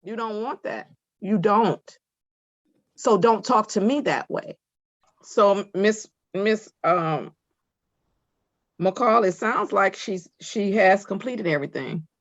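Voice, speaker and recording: A woman's voice: medium pitch, takes it slowly, long pauses, dry recording, highs cut off. A woman judge sternly lecturing from the bench over a video call, firm and scolding.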